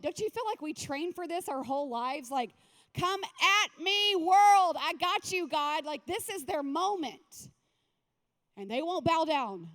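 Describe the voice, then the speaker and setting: Woman pastor, high bright voice, lively and joking, speaks to a retreat crowd like friends. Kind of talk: sermon at a women's retreat.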